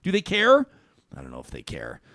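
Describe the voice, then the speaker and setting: A middle-aged Canadian man hosting a talk radio show, animated and chatty, reading listener comments and laughing often. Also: on the high side, a little fast, creaky, no echo, studio quality.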